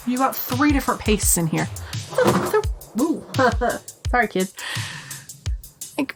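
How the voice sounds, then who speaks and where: A woman co-hosting a podcast in casual chat, animated and swearing freely as she acts out quotes. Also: sits high, takes it slowly, faint music behind. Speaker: podcast co-host.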